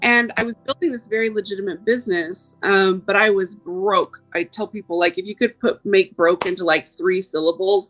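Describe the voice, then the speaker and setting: Woman guest, conversational testimony, filler-heavy, soft music under her. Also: medium pitch, moderate pace, few pauses, low-quality recording. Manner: casual, many "like" fillers. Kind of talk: personal testimony.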